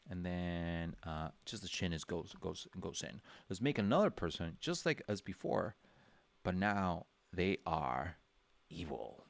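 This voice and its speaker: Man, deep gravelly voice, laid-back drawing teacher on a livestream, full of ums and restarts. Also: unhurried, dry recording. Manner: relaxed, thinking aloud with many fillers and restarts. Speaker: drawing instructor. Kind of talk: casual livestream drawing lesson.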